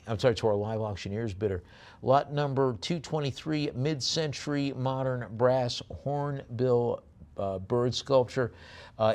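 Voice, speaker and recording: A man running a live auction. He talks through the items unhurriedly, with plenty of hesitations, then rattles off the bid amounts in a quick, rhythmic chant. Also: fairly low pitch. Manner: lot descriptions with many fillers, quick chanted bid calls.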